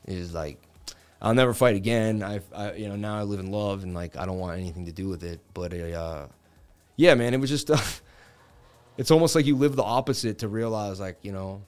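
Lower-voiced guy in his 30s from boston, rambles on a stream, lots of like and you know man. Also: normal speed, darkish tone, smooth, faint music behind. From Boston area. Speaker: crypto stream host. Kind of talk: casual livestream chat.

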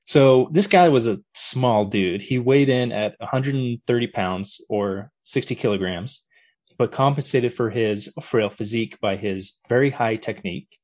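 A man hosting a podcast in casual chat. He reads from notes, then breaks off playfully with jokes and questions, at a middling pitch. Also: unhurried, darkish tone. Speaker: podcast host.

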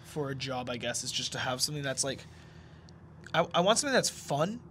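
A man's voice: mid-range voice, big pitch swings, brisk, fairly bright tone, slight background noise. A young man, telling rambling, slangy stories in a casual podcast chat. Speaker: podcast co-host.

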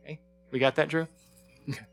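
A man's voice: fairly high pitch, steady tone, quick pace, creaky, loud music behind the voice. A man leading a Bible study, preaching in a casual, chatty way, laughing often and restarting his sentences. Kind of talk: sermon.

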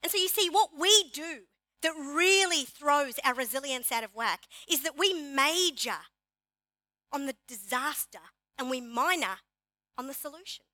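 A woman pastor preaching a sermon in an animated, emphatic way, repeating key phrases for her congregation. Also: high voice, a little slow, dry recording. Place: church.

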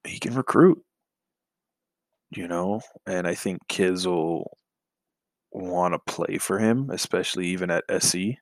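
A man's voice: deep voice, unhurried, pauses often, no echo. A man co-hosting a casual sports podcast, talking hesitantly with lots of fillers and sighs.

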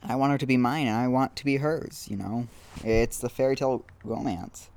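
A young man hosting a casual solo podcast outdoors, rambling and self-deprecating, with frequent halting restarts. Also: mid-range voice, a little mellow. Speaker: podcast host.

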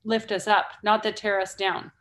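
A woman's voice: mid-range voice, flat delivery, moderate pace, a bit bright. A woman in her thirties hosting a casual podcast conversation, talking emphatically and firing off rhetorical questions. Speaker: podcast host.

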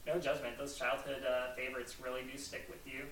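A man's voice: medium pitch, level tone, brisk, a bit bright, roomy sound, far from the mic, slight background noise, low-quality recording. A man hosting a podcast in casual chat, rambling with lots of "like" fillers. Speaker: podcast host.

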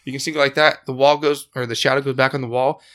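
A young man hosting a podcast, casually telling a story with plenty of swearing and a lively build to the scary parts. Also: mid-range voice, fast talker. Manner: profane, animated when telling the scary parts. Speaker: podcast host.

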